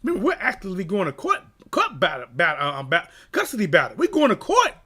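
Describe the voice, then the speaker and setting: A man with a high, bright voice that swings widely as he tells a personal story on his boxing channel. He talks in an emphatic, animated way and keeps checking in with the listener. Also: fast talker, breathy edge. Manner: animated, emphatic retelling with repeated "right?". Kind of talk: casual storytelling rant.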